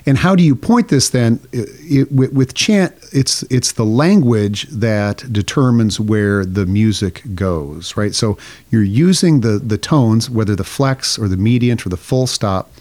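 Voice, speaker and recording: A man with a fairly low, somewhat mellow voice co-hosts a podcast, speaking expressively and a little slowly. In a casual chat, he walks through liturgical chant step by step and sings short examples.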